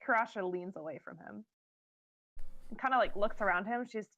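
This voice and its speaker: A woman's voice: medium pitch, normal speed, a bit bright, rough recording. A woman describing her character's actions in a tabletop game in a casual, loose way. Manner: casual, uses "like" and "kinda". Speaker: player.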